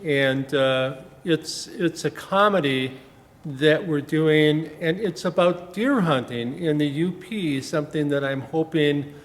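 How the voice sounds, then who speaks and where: A man's voice: on the high side, slow. A man from Wisconsin, a play director, chatting in a casual interview, rambling with plenty of fillers and restarts. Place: small-town theater stage. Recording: echoey hall with faint noise.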